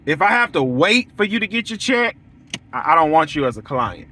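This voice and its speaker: In a casual monologue to viewers, a young man who runs a lawn care business is blunt, preachy and repetitive, acting out the lines he quotes. His fairly high voice is sing-song, pushed and bright, at normal speed.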